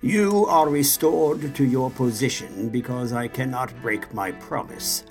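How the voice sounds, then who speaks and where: A man's voice: medium pitch, measured pace, natural voice. An actor playing a blustering, angry old king and father, scolding his son in a pompous, sputtering voice over faint music. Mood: furious. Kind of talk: audio drama acting.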